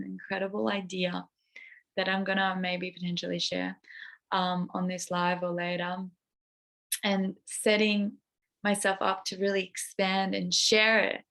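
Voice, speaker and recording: A young woman sharing a heartfelt personal update in a vlog. She talks openly and emotionally, with lots of "like" fillers. Her voice swings between bright excitement and quiet, near-whispered vulnerability. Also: mid-range voice, vocal fry.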